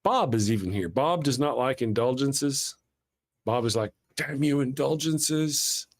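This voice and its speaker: A man hosting a casual morning livestream, talking in halting starts and greeting viewers in the chat. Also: mid-range voice, animated. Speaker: host.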